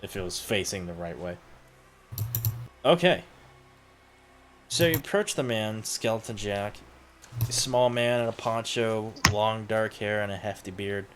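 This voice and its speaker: A man narrating scenes and running a tabletop role-playing game in a relaxed, descriptive way. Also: lowish voice, unhurried, pauses often, a little hiss or hum. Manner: relaxed, descriptive, laughs easily. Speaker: game master.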